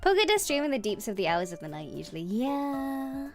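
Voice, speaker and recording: A woman's voice: high-pitched, very animated, brisk, faint music behind. A young British woman streaming and chatting casually with viewers, bubbly and giggly as she reads chat aloud. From Britain.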